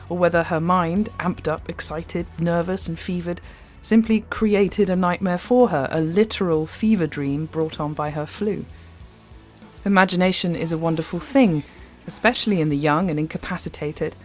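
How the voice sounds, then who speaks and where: An English woman hosting a horror podcast, giving wry, conversational commentary with light humour. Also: on the low side. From England. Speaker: podcast host. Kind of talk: reflective commentary after a story.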